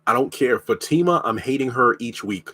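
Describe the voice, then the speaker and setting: A man's voice: medium pitch, animated, moderate pace, sharp tone, dry recording. A man with a lingering cough, bluntly reviewing a TV show in a casual live stream. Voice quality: blunt, opinionated.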